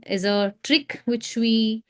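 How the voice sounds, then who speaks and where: A woman's voice: on the high side, takes it slowly. A woman with an Indian English accent, teaching phonics sounds in a live online lesson and drilling each sound through short repetitions. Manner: demonstrates letter sounds with short repeated drills.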